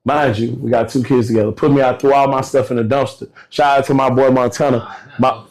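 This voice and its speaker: A man's voice: medium pitch, fairly quick. A man talking as a podcast guest, telling a story casually in slangy, direct speech and acting out the other people in it. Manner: animated, acts out voices of people in his stories; slangy, direct address to listeners.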